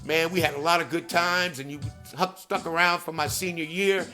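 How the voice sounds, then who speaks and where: Guy hosting a podcast, high voice, hypes it up, keeps saying okay, shouts out names. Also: steady tone, moderate pace, soft background music. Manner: hype-driven, repeats catchphrases, peppers with "okay?"; shouts out people by name. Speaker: podcast host. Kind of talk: promotional monologue.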